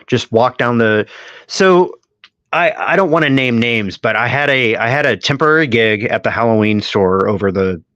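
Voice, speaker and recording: A man's voice: medium pitch, expressive, normal speed, fairly bright tone, no room sound. A man on a casual podcast, telling long profane stories in a rambling way. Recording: dull lo-fi audio.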